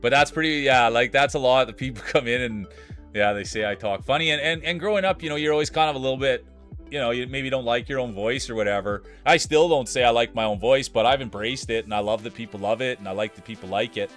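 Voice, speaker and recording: A man with a strong rural Saskatchewan Canadian accent calling a marble race live on stream, hyping racers with playful announcer shout-outs. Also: medium pitch, fast, soft background music.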